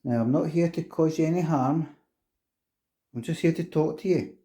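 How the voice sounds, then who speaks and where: A middle-aged man on a ghost hunt, asking slow, coaxing questions to an unseen presence inside an old castle. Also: fairly high pitch, warm tone. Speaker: paranormal investigator.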